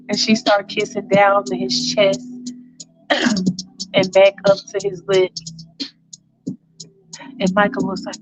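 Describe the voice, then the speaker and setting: A woman's voice: medium pitch, level tone, unhurried, long pauses, over loud music, poor audio. Chatty woman telling a spicy story. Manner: chatty, repetitive, talks straight to listeners. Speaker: storyteller, show host. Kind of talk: casual fan-fiction storytelling.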